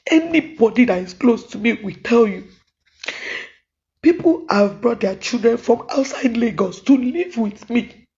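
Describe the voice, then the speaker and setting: A woman's voice: on the high side, expressive, measured pace, dark tone. Tearful Nigerian woman pleading. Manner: pleading, switching between Yoruba and English. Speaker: comedian. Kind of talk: emotional video statement. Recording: dull lo-fi audio.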